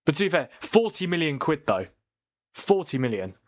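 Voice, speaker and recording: A man's voice: a little high, sing-song, moderate pace. A young man hosting a casual football watchalong stream, chatting with viewers and reading their comments. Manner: chatty, reads viewer comments aloud, laughs often.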